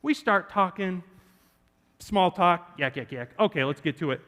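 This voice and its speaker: At normal speed and with a high voice, a preacher tells a personal story in his sermon. He jokes animatedly with the congregation in a church sanctuary, with hall reverb audible.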